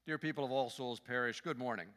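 A man preaching as a guest speaker, friendly and joking as he talks to the congregation. His voice is bright and forward, and a long reverb hangs in the church around him. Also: mid-range voice, quick pace. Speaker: guest speaker, fundraising consultant. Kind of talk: sermon with humor. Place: church sanctuary.

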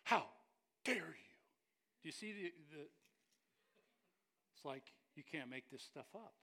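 Animated, high-voiced male pastor preaching. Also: normal speed. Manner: animated, joking with the congregation. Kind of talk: sermon.

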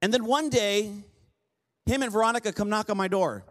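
Male pastor, high voice, chatty storytelling sermon with playful asides. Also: moderate pace, a bit bright. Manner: conversational storytelling, repeats and restarts phrases; humorous asides to the congregation.

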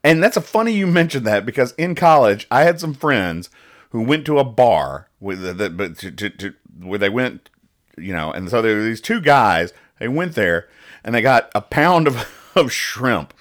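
A young adult man hosts a casual podcast, reading comic strips aloud in a mid-range, very animated voice at normal speed. He rambles and trips over his words while explaining each joke.

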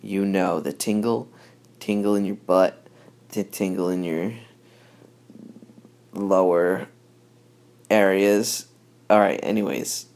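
Male podcast host, rambling and laid-back, slow, drawn-out pace. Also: low-pitched, fairly even intonation, darkish tone. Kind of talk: casual podcast monologue.

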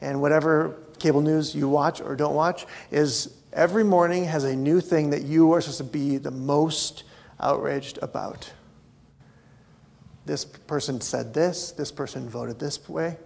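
Gravelly, higher-voiced pastor preaching casually. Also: male voice, steady tone, a little slow. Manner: acts out quoted voices, swings between loud and hushed. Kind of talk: conversational sermon.

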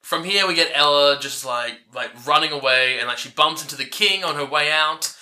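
Bright-voiced man rambling casually. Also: on the high side, fairly quick. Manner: rambling, many "like" fillers, laughs easily. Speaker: podcast co-host. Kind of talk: casual chat recapping a film.

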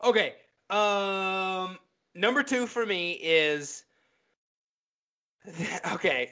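A man's voice: fairly high pitch, sharp tone, smooth. A man co-hosting a podcast, enthusiastically recounting film scenes in casual chat. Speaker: podcast co-host.

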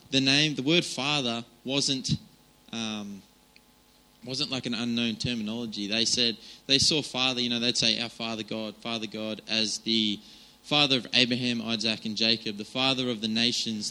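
A man's voice: mid-range voice, fairly even intonation, normal speed, pushed and bright, poor audio. A man giving an informal, chatty sermon, with many fillers and restarts. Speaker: preacher.

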